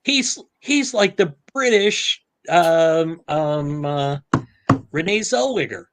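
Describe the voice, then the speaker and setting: A man co-hosting a casual podcast chat, talking in halting bursts full of fillers and restarts. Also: a little high, animated, a bit bright. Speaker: podcast co-host.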